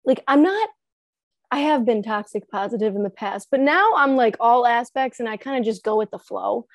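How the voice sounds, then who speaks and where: A woman's voice: on the high side, expressive, moderate pace, no room sound. A young woman in casual podcast chat, telling a laughing, easygoing story.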